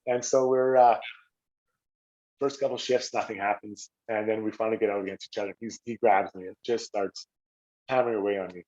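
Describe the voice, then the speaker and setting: A middle-aged Canadian man, a former hockey player, telling stories casually on a podcast and acting out quotes with a raised voice. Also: fairly quick. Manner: animated, acts out quotes with raised pitch. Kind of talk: casual storytelling. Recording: slightly dull lo-fi audio.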